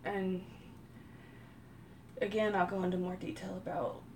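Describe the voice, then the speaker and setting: A woman with a Texas accent telling a personal story in a slow, rambling way while doing her makeup on a live stream. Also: fairly low pitch, flat delivery, darkish tone, slight background noise. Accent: Texan. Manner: slow rambling delivery with many pauses. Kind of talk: casual storytelling during a makeup routine.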